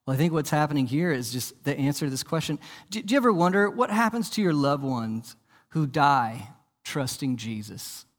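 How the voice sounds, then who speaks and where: A male pastor preaching a sermon, asking rhetorical questions and repeating words as he starts his sentences, swinging from soft and low to loud and emphatic. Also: very animated, normal speed, in a large hall. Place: church.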